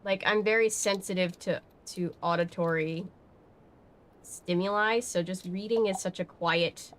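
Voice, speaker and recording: A woman's voice: on the low side, fairly even intonation, measured pace. A woman streaming from home, chatting casually and rambling with many fillers while she answers her chat. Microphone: webcam setup.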